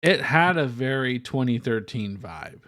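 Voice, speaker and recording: A man's voice: medium pitch, lively intonation, measured pace, fairly bright tone. Easygoing man chatting on a podcast. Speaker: podcast co-host. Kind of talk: casual chat.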